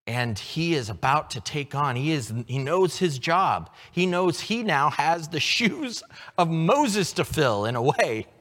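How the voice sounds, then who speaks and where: Male pastor, sermon delivery, animated pitch, long hall reverb. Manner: earnest, teaching, slow emphatic scripture reading.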